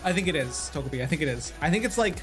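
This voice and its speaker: A game streamer giving casual live commentary, giggly and excitable, talking directly to chat. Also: medium pitch, racing.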